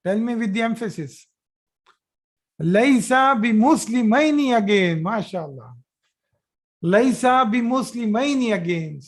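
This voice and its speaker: Slow high-voiced male Arabic teacher. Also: lively intonation. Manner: slow, repeats each phrase, praises students. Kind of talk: live online grammar class.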